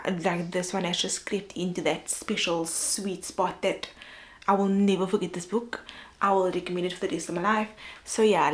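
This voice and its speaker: A young woman chatting casually in a reading vlog, gushing and emotional, sliding at times into a hushed near-whisper. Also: fairly low pitch. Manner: chatty, lots of "like", upbeat. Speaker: book vlogger.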